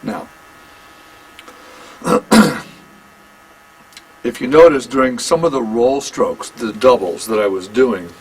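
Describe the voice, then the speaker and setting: Slow, halting male drum teacher. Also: mid-range voice, husky. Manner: slow, halting explanations with restarts and check-ins. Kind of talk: one-on-one instrument lesson.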